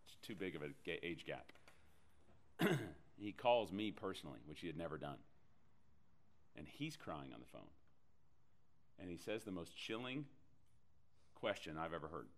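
A man preaching a sermon, telling a personal story with animated delivery and self-deprecating humor. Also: deep voice, normal speed, pauses often. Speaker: pastor.

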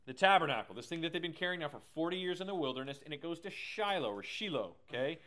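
A man teaching a lively Bible lesson who keeps checking in with the class and retells scripture in casual slang. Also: fairly high pitch, fast talker. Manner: chatty, keeps asking "right?", paraphrases scripture in slang.

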